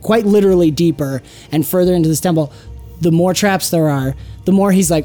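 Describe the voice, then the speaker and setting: A woman narrating as game master of a tabletop game, giggly and lively. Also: on the low side, brisk, faint music behind.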